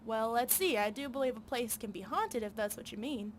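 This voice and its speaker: A woman's voice: fairly high pitch, fairly quick, slight background noise, pitched below the performer's own voice, close to an everyday voice. A woman voicing a weary older male truck driver with a Southern drawl, reading game dialogue aloud.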